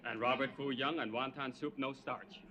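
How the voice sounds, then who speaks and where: An actor playing a polite, dryly teasing restaurant owner waiting tables in a 1970s sitcom. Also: male voice, medium pitch, steady tone, moderate pace, pushed and bright, lightly acted. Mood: deadpan, teasing. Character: dry, witty restaurant owner and waiter, adult man. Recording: very noisy sitcom audio with laugh track.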